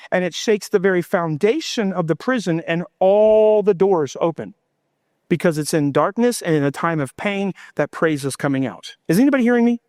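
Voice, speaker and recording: A middle-aged man delivers an impassioned sermon in a notably high voice, leaning into slow emphatic phrases and lively asides. The sound is close and dry, with no room echo at all. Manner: impassioned preaching, voicing God and himself in quotes. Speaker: pastor.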